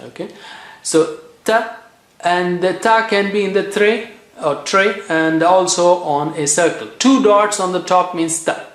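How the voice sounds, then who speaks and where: A man teaching tajweed, slowly repeating each letter sound and checking in with "okay" as he drills pronunciation. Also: high voice, a bit bright. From India. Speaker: Quran recitation teacher. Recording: echoey room.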